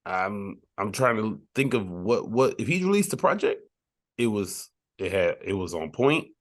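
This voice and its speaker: A man co-hosting a music podcast, talking in a relaxed, rambling way with frequent restarts. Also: on the low side, measured pace. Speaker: podcast co-host. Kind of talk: casual chat.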